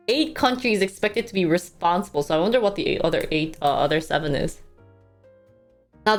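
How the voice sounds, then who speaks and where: Speaking at a medium pitch, this female streamer reads the news out loud between casual chatter, stumbling on hard words and thanking people who donate.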